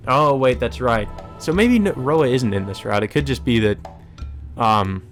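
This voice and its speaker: A man hosting a let's play, reading a visual novel aloud and thinking through choices out loud with hesitant fillers and wry asides. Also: mid-range voice, animated, unhurried. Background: faint game music.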